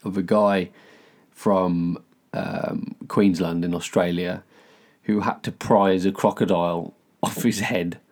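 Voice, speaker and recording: Deep-voiced man telling a story. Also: steady tone, takes it slowly, few pauses, darkish tone. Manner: laid-back storytelling, chuckles often. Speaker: podcast co-host. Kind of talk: casual chat.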